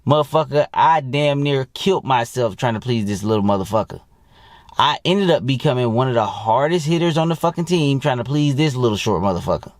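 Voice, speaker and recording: A man's voice: mid-range voice, animated, a little fast, no room sound. A man working as a dating coach, talking in a blunt, heavily profane, rambling monologue to his viewers. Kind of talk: casual profane monologue to camera.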